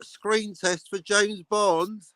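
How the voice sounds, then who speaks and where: A man hosting a livestream panel, joking and bantering in quick, wisecracking chat. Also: high voice, level tone, sharp tone, no room sound. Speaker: livestream host.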